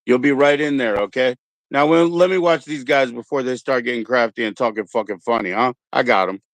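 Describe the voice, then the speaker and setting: A man's voice: medium pitch, fairly quick, dry recording. A man in his thirties hosting a livestream, rambling and joking crudely in a casual chat. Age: 30s. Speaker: streamer host.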